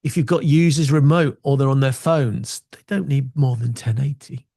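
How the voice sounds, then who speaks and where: A man's voice: mid-range voice, fairly even intonation, moderate pace, mellow, no echo. A man giving casual, opinionated tech talk from his small home studio, full of wry asides. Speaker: video tech presenter.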